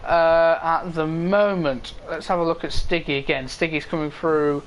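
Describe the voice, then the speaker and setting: A man's voice: fairly high pitch, fairly even intonation, normal speed, slight background noise. A man commentating live on an online racing league, casually reading standings and chatting with viewers. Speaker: esports race commentator.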